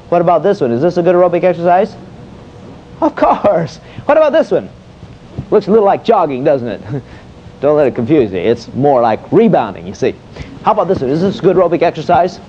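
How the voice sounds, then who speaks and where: A man with a high voice gives a folksy, jokey exercise lecture. He asks questions and answers them himself. The sound is dull and lo-fi, like an old video tape. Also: warm tone, a little hiss or hum. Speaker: fitness instructor.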